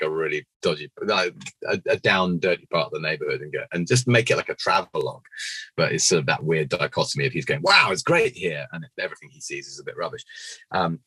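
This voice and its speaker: A middle-aged British man with a deep, husky voice and a bright, forceful edge. He tells animated stories in a casual interview, dropping lively acted quotes along the way. The sound is dry and close. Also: no room sound, low-quality recording. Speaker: puppeteer guest.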